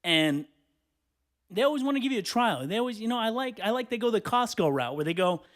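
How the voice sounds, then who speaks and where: A man in his twenties ranting on his own podcast, swearing freely in animated casual talk. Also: high-pitched, fairly quick. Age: 20s. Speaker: podcast host. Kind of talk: solo podcast rant.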